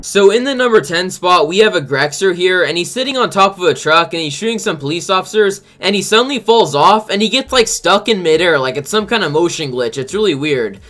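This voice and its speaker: A man's voice: high voice, animated, brisk, hardly any pauses, a bit bright. A man hosting a gaming channel, giving casual, rambling commentary on a countdown of game clips and leaning heavily on the word "like". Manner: rambling, heavy use of "like".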